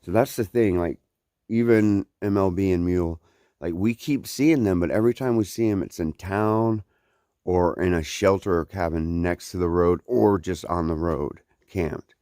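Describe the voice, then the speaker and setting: A man's voice: low voice, moderate pace, warm tone, no room sound, studio quality. A young man, chatting in a rambling, laid-back way in a trail vlog, full of fillers and laughs, recorded outdoors on a handheld camera. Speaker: hiker vlogging his trail days. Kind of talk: casual trail vlog chat.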